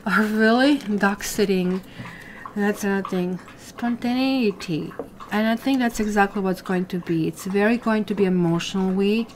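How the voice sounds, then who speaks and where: A woman's voice: mid-range voice, moderate pace, darkish tone, slight background noise. A woman giving a casual tarot reading, talking straight to her viewers in a chatty way. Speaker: tarot reader.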